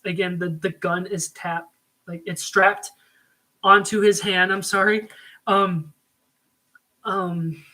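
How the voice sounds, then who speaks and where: Man, casual review rant, sharp bright tone, filler-heavy, excitable, at home. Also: sits high. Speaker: video reviewer. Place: home room.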